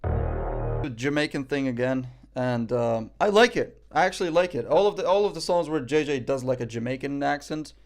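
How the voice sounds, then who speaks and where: A man's voice: mid-range voice, expressive, normal speed, creaky, soft background music. A man streaming live, reacting in casual chat; cocky, joking, profane and rambling.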